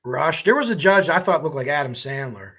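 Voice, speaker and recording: Male livestream host, slightly high voice, bright and forceful, loose rambling chat. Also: lively intonation, fairly quick, slightly rough. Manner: rambling, chatty, reacts to comments as he goes. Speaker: true crime livestream host. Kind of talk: casual livestream chat reading viewer comments.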